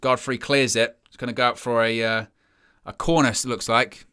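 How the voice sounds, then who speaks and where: Man, football watch-along host, bright crisp voice, glum and rambling. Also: mid-range voice, fairly even intonation, moderate pace. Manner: dejected, rambling, self-mocking.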